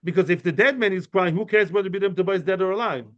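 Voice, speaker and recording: A man's voice: sits high, rapid-fire. A man teaching an informal study class, explaining in a chatty way with many asides and answering students' questions. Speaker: Talmud teacher. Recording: muffled lo-fi recording.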